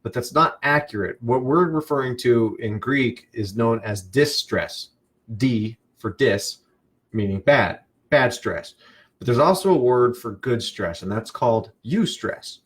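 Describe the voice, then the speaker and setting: A man coaching viewers on a live stream. His voice sits at a middle pitch, and he talks in an animated way. He often starts his sentences over and checks in with a quick "right?". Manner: animated, repeats and restarts, asks "right?". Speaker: online business coach. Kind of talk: casual live-stream talk.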